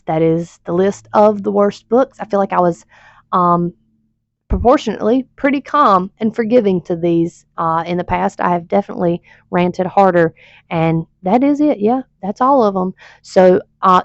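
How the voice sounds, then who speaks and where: A woman's voice: lowish voice, vocal fry, no echo. A woman reviewing books in a casual vlog, rambling and exasperated, swearing freely. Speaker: book reviewer. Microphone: home video mic. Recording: dull lo-fi home mic.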